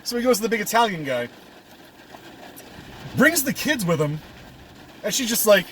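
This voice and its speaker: High-voiced man laughing through a movie recap. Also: big pitch swings, fairly bright tone, slight background noise. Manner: laughs often, retells scenes with quick quoted lines. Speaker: podcast co-host. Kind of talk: casual movie review chat.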